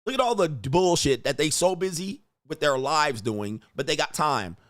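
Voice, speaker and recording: A man's voice: a little high, expressive, normal speed, a bit bright, no room sound. Blunt, ranting male livestream host. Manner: reads viewer messages aloud. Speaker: livestream host reading donations. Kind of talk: casual livestream rant.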